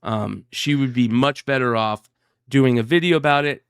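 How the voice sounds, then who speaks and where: A man co-hosting a casual podcast, talking slowly with many fillers and restarts. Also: mid-range voice, smooth, dry recording, studio quality. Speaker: podcast co-host. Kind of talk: casual chat.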